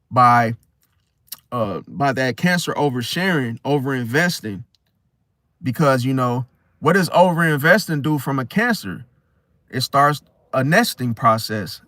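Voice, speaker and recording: A man's voice: mid-range voice, a bit bright, dry recording, studio quality. A man hosting an astrology channel, talking casually and rambling, often checking in with "see?". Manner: rambling, keeps asking "see?", many restarts. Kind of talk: casual talk to camera.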